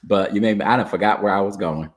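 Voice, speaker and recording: Low-voiced, chatty man host. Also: fast talker. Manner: relaxed, chatty, laughs easily. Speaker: podcast host. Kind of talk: casual conversation.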